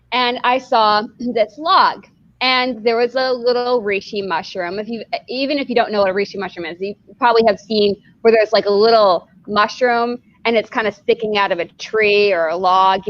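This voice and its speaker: A woman's voice: mid-range voice, fairly bright tone, dull audio. A woman hosting a podcast who tells a story casually, rambling with lots of "like" and laughter. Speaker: podcast host.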